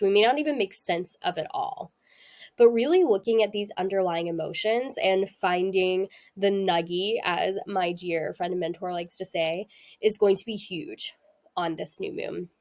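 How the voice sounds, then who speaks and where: Chatty woman giving astrology guidance. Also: mid-range voice. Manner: chatty and candid, laughs often, frequent fillers. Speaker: astrology host. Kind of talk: casual spiritual talk to camera.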